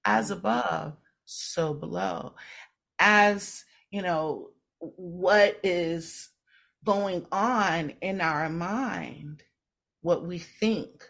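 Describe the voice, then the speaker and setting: A woman speaking as a podcast guest, teaching spiritual ideas slowly and earnestly and repeating phrases for weight. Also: on the low side, vocal fry, a bit bright. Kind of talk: casual podcast conversation.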